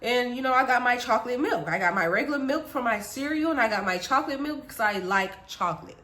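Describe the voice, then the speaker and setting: A young Caribbean woman with a fairly high voice talks fast in a storytime vlog. She is animated and chatty, speaking straight to her viewers from an echoey room.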